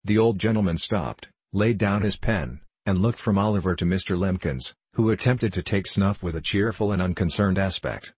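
A male narrator reading a classic novel in a measured, even way. His voice is deep and slightly husky, recorded dry and close. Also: dry recording. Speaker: audiobook narrator.

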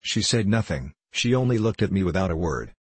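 Deep husky drunk old clerk type, begging and preaching in an audiobook, read by a man. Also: sing-song, brisk, no echo, exaggerated voice. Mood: pleading. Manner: pleading, rambling, rising to fervent declaiming. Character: drunken middle-aged male ex-clerk, self-pitying, fervent. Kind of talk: audiobook character reading.

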